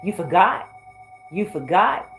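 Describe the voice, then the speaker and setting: A woman's voice: fairly low pitch, sing-song, slow, soft background music, heavily acted, low-quality recording. A woman voicing a furious man, newly sober, who curses at his former partner and keeps repeating the same accusation.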